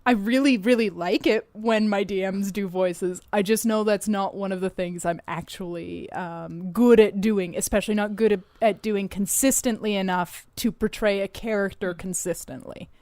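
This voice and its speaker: A woman's voice: mid-range voice, fairly even intonation, normal speed, hardly any pauses, a little mellow, no room sound. A woman co-hosting a casual advice podcast about running tabletop games, chatty and self-deprecating, often trailing off mid-thought. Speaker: podcast co-host.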